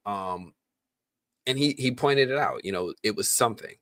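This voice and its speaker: A man's voice: on the low side, moderate pace, fairly bright tone, dry recording. A man hosting a casual movie news podcast, talking loosely with lots of ums and restarts. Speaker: podcast host.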